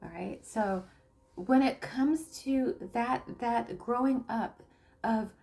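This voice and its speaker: A woman with a fairly high voice talks slowly to camera about her views as a spiritual coach. She pauses often and restarts her sentences. She is emphatic but lets her phrase endings fall away quietly. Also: vocal fry. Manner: slow, halting, with many restarts and fillers. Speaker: tarot reader and spiritual coach. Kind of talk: casual monologue to camera.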